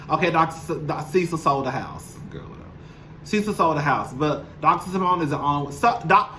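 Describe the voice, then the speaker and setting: A man's voice: fairly high pitch, pushed and bright, slight background noise, rough recording. A young man, recapping a reality show in a sassy, blunt, profane, casual monologue straight to his viewers. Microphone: camera mic, speaking to camera.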